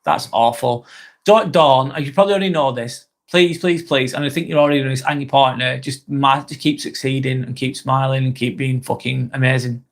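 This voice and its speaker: A man's voice: mid-range voice, steady tone, fairly quick. A British man hosting a live vlog, chatting casually and reading out viewer comments, rambling onto tangents and swearing freely. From Britain.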